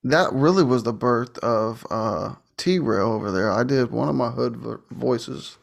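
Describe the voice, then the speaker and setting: A man's voice: mid-range voice, measured pace, creaky. A man joking around casually with friends on a live stream. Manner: laid-back, joking, mimics friends. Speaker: stream panelist.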